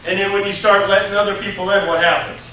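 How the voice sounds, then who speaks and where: A man's voice: sits high, little pitch movement, fast, background noise. A male college lecturer giving a conversational classroom lecture, tagging his points with "okay?" and "right?", recorded on a distant mic in an echoey classroom. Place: lecture room.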